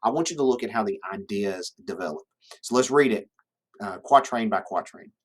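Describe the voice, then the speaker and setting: A man's voice: on the low side, expressive, a little fast. A male teacher giving a classroom lecture, explaining step by step and checking in with his students. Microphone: camera in classroom.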